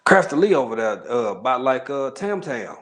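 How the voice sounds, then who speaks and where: An East Texas man with a Southern drawl hosts a casual livestream, talking loosely and greeting viewers one by one. His voice sits at an ordinary middle pitch for a man, and he rambles through slang-filled asides in a relaxed, conversational way. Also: moderate pace. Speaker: livestream host.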